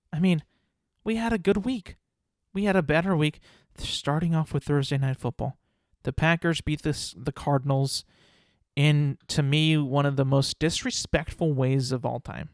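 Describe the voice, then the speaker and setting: A young man rambles through his weekly sports recap at a podcast mic, animated and quick to poke fun at himself. His voice sits a little high for a man. The recording is close and dry, with no room sound. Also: no echo. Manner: rambling, animated, self-mocking. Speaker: podcast host. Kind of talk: casual solo sports talk.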